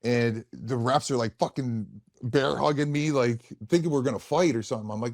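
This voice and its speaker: A man's voice: mid-range voice, expressive, normal speed, few pauses, a little mellow, no room sound, studio quality. A man in his thirties, a former pro hockey player, telling stories in casual chat, laughing often and rambling with many restarts.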